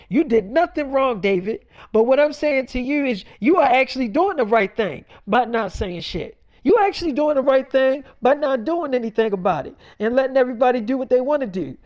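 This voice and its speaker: A man's voice: very high voice, darkish tone. Man, unscripted preachy rant, heavy swearing, rambling and blunt. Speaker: self-styled prophet vlogger. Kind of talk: profane freestyle monologue.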